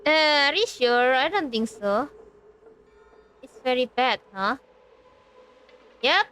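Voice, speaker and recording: A young Indonesian woman with an Indonesian accent streams a game, reading the story aloud and chatting with viewers. Her voice sits high and playful. Soft music plays underneath. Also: slow pace, pauses often, clear, resonant tone. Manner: animated, playful.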